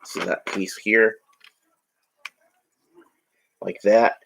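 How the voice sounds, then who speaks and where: Low, laid-back guy chatting through a toy build, wandering off into jokes. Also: fairly even intonation, drawn-out words, vocal fry, a bit bright. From United States. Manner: chatty, rambling, joking asides. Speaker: hobby vlogger. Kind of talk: casual narration while building a toy set.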